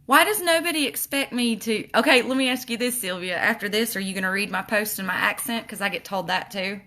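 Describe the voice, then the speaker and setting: A woman's voice: medium pitch, fairly quick, hardly any pauses, pushed and bright. A woman with a slight lisp, chatting casually while showing makeup on a livestream. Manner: chatty, reads viewer comments aloud.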